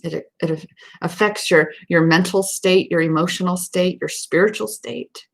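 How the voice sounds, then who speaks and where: A woman's voice: fairly low pitch, fairly even intonation, measured pace, creaky. A woman hosting a live stream as a self-empowerment coach, talking casually and earnestly, with many fillers and repeated words. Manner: earnest, emphatic, with fillers and repetitions.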